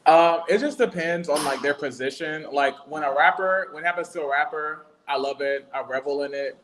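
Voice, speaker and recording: Blunt, joking man with a higher voice. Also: a little fast, fairly bright tone, rough recording. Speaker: guest. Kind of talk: casual chat.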